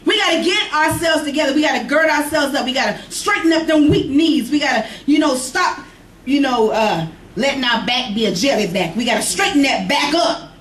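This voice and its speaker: Woman, preacher, high emphatic calls, low asides, distant mic, echoey church. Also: animated, fairly quick, fairly bright tone. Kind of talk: sermon to a congregation. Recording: echoey room from far off, faint noise.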